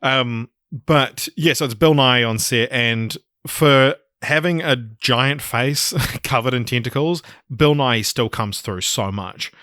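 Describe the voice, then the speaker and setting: A man co-hosting a podcast, chatting casually about films in a rambling, excitable way, with loose swearing. His voice is mid-pitched and sounds dry and close to the mic. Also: measured pace, no echo. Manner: rambling, enthusiastic, swears freely. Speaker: podcast co-host. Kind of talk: casual film discussion.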